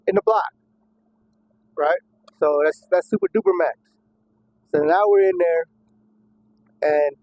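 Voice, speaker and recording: Recorded dry and sounding dull and muffled, this fairly high-pitched male voice relays a prison story in an easygoing way. He curses a lot, breaks into laughter at points and imitates the voices of people he quotes.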